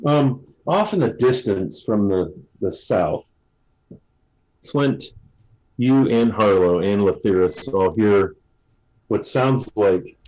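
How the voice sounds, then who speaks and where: A man running a tabletop role-playing game as dungeon master, narrating in a relaxed, halting way with many fillers. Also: lowish voice, poor audio.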